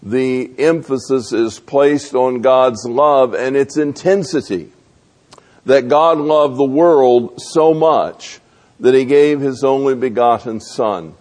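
A male preacher delivering a sermon at an unhurried pace. His voice sits in an ordinary middle register, and he works through a chain of rhetorical questions. He pauses often on small fillers between thoughts. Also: mid-range voice, a little mellow.

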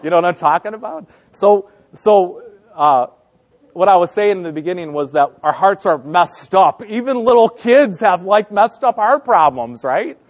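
Animated storytelling man, fairly high voice. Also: moderate pace. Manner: animated storytelling, acting out family members' lines; laughing often through the story. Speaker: pastor. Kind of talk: sermon with family story.

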